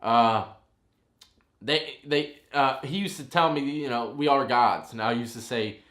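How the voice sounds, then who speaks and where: A man in his thirties casually telling a long story, rambling and animated, full of "you know what I mean". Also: mid-range voice, a little slow. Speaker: vlogger telling a prison story. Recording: roomy echo.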